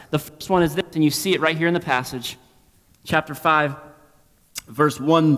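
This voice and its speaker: A man preaching a sermon as pastor, swinging from loud emphasis to hushed near-whispers and repeating phrases for emphasis. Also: a little high, in a large hall.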